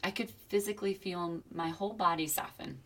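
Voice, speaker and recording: A woman co-hosting a casual chat, telling a reflective personal story in an animated way and acting out the people in it. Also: on the low side, brisk. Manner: animated storyteller, reflective, acts out quoted voices. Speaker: podcast co-host.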